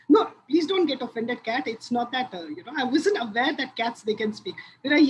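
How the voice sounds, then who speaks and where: A woman's voice: sits high, expressive, brisk, hardly any pauses, a little hiss or hum, low-quality recording. A woman volunteering in a group activity, telling a rambling, improvised story. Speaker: volunteer participant.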